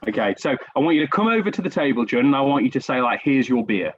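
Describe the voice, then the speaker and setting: A man's voice: medium pitch, very animated, rapid-fire, dry recording. A man telling stories in a casual podcast chat, self-deprecating and chatty. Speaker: podcast guest. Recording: dull lo-fi recording.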